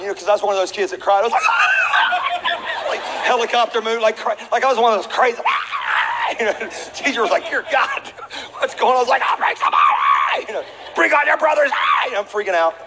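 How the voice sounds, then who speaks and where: A middle-aged man pastor telling a comic story in a lively sermon, acting out voices, laughing and sometimes shouting. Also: sits high, noisy background. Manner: animated, acts out voices, laughs, shifts to shouting. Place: large church auditorium. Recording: reverberant hall with faint ambience.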